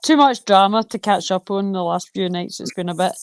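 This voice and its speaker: A woman on a live stream panel, loudly teasing the others and swearing through casual banter. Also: medium pitch, a little fast, smooth. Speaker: panel guest.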